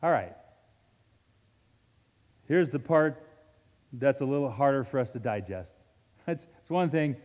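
A man preaching a sermon as a pastor, with dynamic delivery that swings from loud emphasis to hushed, slow moments. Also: medium pitch, long reverb tail, lo-fi sound.

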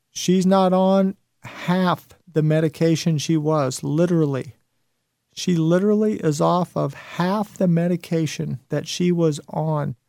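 A man's voice: on the high side, creaky, mellow, no room sound, studio quality. A man hosting a motivational talk show, speaking emphatically and repeating phrases for effect. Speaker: host.

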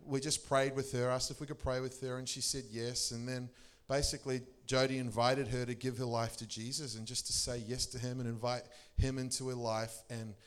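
Animated man preaching a sermon. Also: a little fast, hardly any pauses, clean tone. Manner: animated storyteller, laughing often, pitch leaping for emphasis. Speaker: pastor. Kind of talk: sermon testimony.

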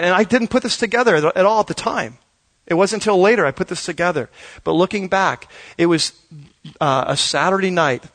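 Pastor, male, fairly high voice, chatty sermon delivery with acted-out dialogue. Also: a bit bright. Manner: conversational, storytelling with acted-out dialogue.

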